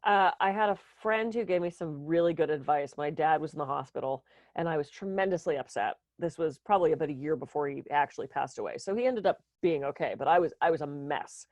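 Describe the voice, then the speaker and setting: A woman's voice: low voice, fast talker, few pauses, a little mellow, dry recording. A woman co-hosting a podcast as a speaker and coach, telling candid stories about herself in a casual chat. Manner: candid, storytelling, self-deprecating.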